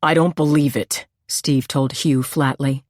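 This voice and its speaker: A woman narrator voicing an anguished father who speaks flatly, holding himself in tight control. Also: medium pitch, measured pace, no echo, clean studio sound, natural voice. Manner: flat, tense.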